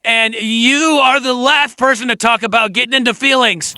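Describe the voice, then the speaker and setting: A man's voice: very high-pitched, moderate pace, pushed and bright, no room sound. A male commentator giving blunt, scolding reaction commentary.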